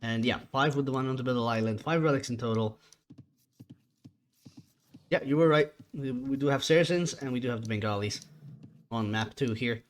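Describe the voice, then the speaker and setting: A tired man doing chatty solo commentary on a strategy game match, relaxed and casual. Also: mid-range voice, moderate pace, long pauses. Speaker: esports caster.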